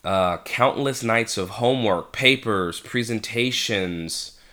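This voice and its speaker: A man's voice: fairly low pitch, slow pace, pushed and bright. A man in his thirties talking casually at home in a vlog, congested and nasal, with frequent restarts as he reflects aloud. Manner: chatty, self-reflective, many restarts. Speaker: vlogger, father.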